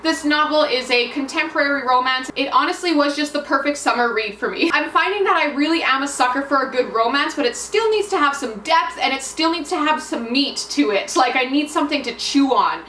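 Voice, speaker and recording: A woman's voice: high-pitched, expressive, moderate pace, hardly any pauses, pushed and bright, slight background noise. A young woman casually reviewing a book for her vlog, chatty and full of filler words, recorded a bit far off in an echoey room. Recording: echoey room heard from a distance.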